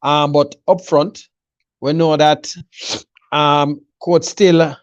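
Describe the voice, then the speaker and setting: A man's voice: a little high, little pitch movement, slow pace, dry recording, highs cut off. A man with a Jamaican accent in a casual sports chat, confidently breaking down a team selection and mixing patois with English. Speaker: football pundit.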